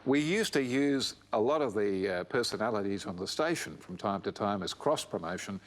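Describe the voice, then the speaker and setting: A man's voice: lowish voice, animated, moderate pace, noisy background. A man recalling his station days in an interview with enthusiastic recollection. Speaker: interviewee, former station staff. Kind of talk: reminiscing interview.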